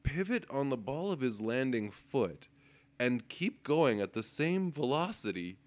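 Laughing as he goes and swearing often, a podcast co-host tells a casual story into a desk microphone, animated and profane. His voice is mid-range and a little slow.

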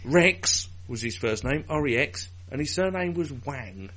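Podcast co-host, man, Essex accent, husky, bright and animated, sweary banter. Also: medium pitch, measured pace. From England. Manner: sweary, laughs often, animated. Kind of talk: casual chat.

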